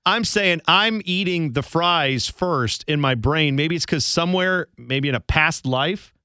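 Guy co-hosting a radio show, rambly and self-deprecating, kinda high bright voice. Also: a little slow, clear, resonant tone, no echo, clean studio sound. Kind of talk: casual radio chat.

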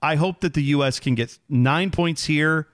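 A man co-hosting a sports podcast, chatting casually and getting animated when exasperated. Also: a little high, normal speed, no room sound, studio quality. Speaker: podcast co-host.

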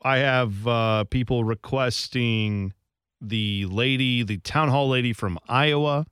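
A man's voice: medium pitch, a bit bright, clear, resonant tone, dry recording. A man co-hosting a radio show in a studio, joking and bantering loosely. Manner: joking, loose, drawn-out pauses. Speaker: radio co-host.

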